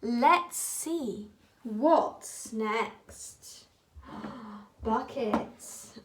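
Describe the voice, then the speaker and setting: Drawing out her words with lively intonation, a woman with a fairly high voice narrates toys for a small child during a bucket activity. She's an early-years teacher, using an overblown sing-song full of gasps, and the audio has a little hiss or hum.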